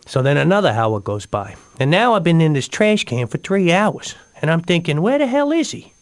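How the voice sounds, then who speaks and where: A man's voice: a little high, very animated, normal speed. A man co-hosting a comedy radio show, telling rambling stories with sudden emotional swings. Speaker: radio co-host. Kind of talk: comic radio storytelling.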